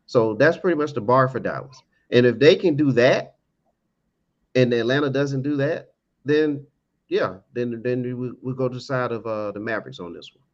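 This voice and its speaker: A man hosting a sports talk show, talking in halting stretches with repeated words and many fillers. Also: medium pitch, highs cut off. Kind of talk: casual sports debate.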